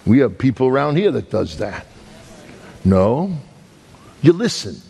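A male evangelist preaching a storytelling sermon, animated and joking with the congregation, acting out sounds and voices. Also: mid-range voice, unhurried, vocal fry, slightly rough.

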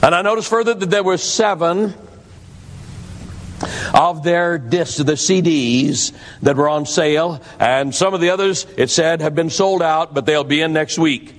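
A man preaching a sermon, telling a story in a dramatic, emphatic way. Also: measured pace. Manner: dramatic, emphatic, shifts pitch for effect. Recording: long hall reverb.

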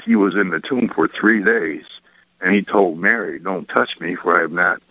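A man calling a radio show by phone, asking a Bible question hesitantly, with lots of pauses and fillers. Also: deep voice, no echo. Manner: hesitant, many fillers and restarts. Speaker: caller. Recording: dull phone line.

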